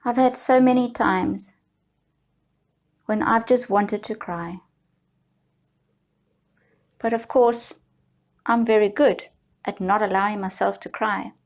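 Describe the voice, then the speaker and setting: A woman guiding viewers through a slow, soothing tapping session, leading them in repeated affirmations. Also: mid-range voice, fairly even intonation. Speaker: EFT tapping guide.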